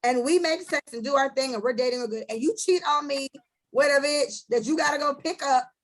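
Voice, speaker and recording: A woman hosting a casual podcast chat, telling stories in a blunt, animated way with lots of profanity. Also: sits high, fairly quick. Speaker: podcast host.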